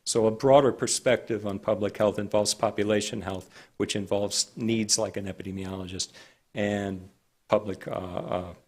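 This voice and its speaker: A man speaking as a public health director at a county board meeting, measured and halting with frequent restarts. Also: fairly low pitch, fairly even intonation, slightly rough.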